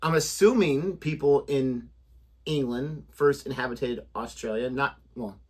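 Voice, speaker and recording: A man's voice: mid-range voice, unhurried, slightly rough. A young man co-hosting a reaction video, chatting casually, joking and laughing often. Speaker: reaction channel co-host.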